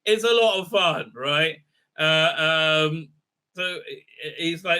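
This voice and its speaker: A man's voice: on the high side, fairly even intonation, measured pace, pushed and bright. A man hosting a casual film recap and review, irreverent and joking, full of "uh, uh" fillers and swearing. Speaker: film reviewer, channel host.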